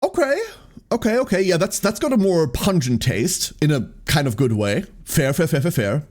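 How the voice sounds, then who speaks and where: Lively chatty male streamer. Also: a little high, normal speed. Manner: chatty, rambling, laughs often, reads chat aloud. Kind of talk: casual live-stream chat.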